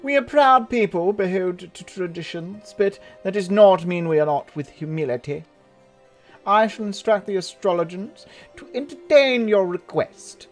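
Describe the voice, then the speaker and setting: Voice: medium pitch, animated, moderate pace, soft background music, natural voice. A game player voicing a haughty, proud elder nobleman with a put-on pompous British accent. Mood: condescending. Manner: pompous, stiff formal.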